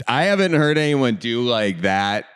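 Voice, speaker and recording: A man's voice: mid-range voice, very animated, a little slow, a bit bright, clean tone. A man from Wisconsin hosting a podcast, easygoing and jokey, with many fillers. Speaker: podcast host. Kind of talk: casual podcast chat.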